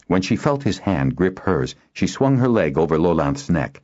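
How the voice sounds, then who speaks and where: A man narrating a fantasy audiobook in a measured, expressive storytelling manner. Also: deep voice. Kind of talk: scripted narration. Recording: dull lo-fi audio.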